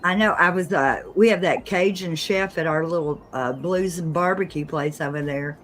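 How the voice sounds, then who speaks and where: A woman co-hosting a casual livestream chat, relaxed and chuckling now and then. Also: low voice, moderate pace, slight background noise.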